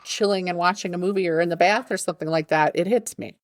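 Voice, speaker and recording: A woman's voice: fairly low pitch, fast, dry recording, clean studio sound. A woman co-hosting a podcast, chatting casually and eagerly explaining something she read. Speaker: podcast co-host. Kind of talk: casual chat.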